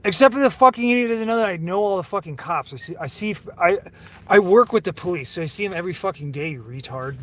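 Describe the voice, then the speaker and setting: A man's voice: sits high, animated, fast talker, distant mic. A man talking to his chat on a livestream, rambling and profane, full of fillers and restarts. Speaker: livestream host reading chat. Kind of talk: casual livestream rant.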